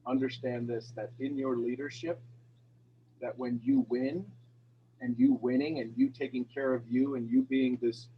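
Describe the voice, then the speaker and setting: A man's voice: medium pitch, lively intonation, normal speed, gravelly, phone-quality sound, slight background noise. A man hosting a morning call, talking in a rambling, emotional and affectionate way. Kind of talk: casual heartfelt chat.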